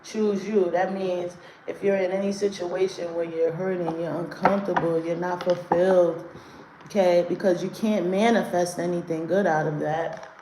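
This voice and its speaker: A woman's voice: on the low side, fairly even intonation, moderate pace. A woman hosting a livestream with card readings, talking bluntly and with lots of cursing, often calling out her chat. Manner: blunt, profane, rants at chat. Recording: roomy echo, faint noise.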